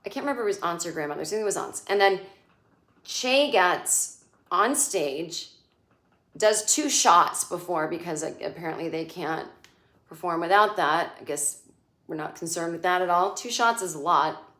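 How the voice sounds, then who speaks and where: A woman's voice: fairly low pitch, a bit bright. Chatty sarcastic woman in an echoey room. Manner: chatty, sarcastic, acts out characters' lines in quick impressions. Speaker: podcast host recapping a TV episode. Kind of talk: casual solo recap.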